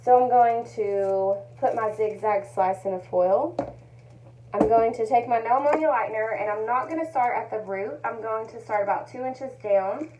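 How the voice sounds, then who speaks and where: A woman giving a calm, methodical step-by-step tutorial, narrating each move and repeating her key points. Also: on the high side, normal speed, dull audio, a little hiss or hum. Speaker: hair color educator.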